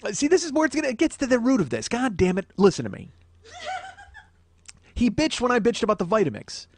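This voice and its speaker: A man in his forties rattles through a comic rant at a quick clip. His voice sits high for a man, and his tone is profane and mock-indignant. The sound is dry and close, with no room around it. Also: big pitch swings, no echo. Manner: ranting, profane, self-mocking, mock-indignant. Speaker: comedy podcast host. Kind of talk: solo comedic monologue.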